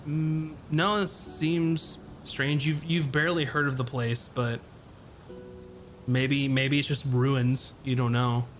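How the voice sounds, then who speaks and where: A man's voice: mid-range voice, flat delivery, slow pace, faint music behind. A man running a tabletop game as game master, describing scenes with frequent ums and uhs.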